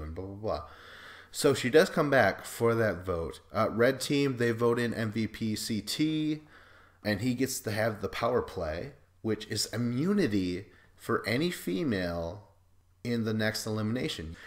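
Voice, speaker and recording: A man's voice: mid-range voice, lively intonation, a little slow. A young man hosting a podcast, rambling through a casual, profane recap and mimicking the people he quotes. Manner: profane, rambling, acts out quotes in mocking voices. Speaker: podcast host.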